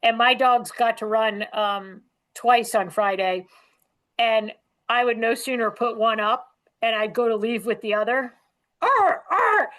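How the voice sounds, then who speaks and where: A woman guest on a podcast, telling quick, animated anecdotes in casual conversation. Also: a little high, rough recording. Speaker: guest author and dog trainer. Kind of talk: casual storytelling chat.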